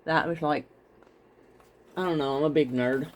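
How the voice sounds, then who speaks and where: A woman's voice: low-pitched, steady tone, moderate pace, a little hiss or hum. A woman chatting casually through a craft video, rambling and talking straight to her viewers. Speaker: craft vlogger.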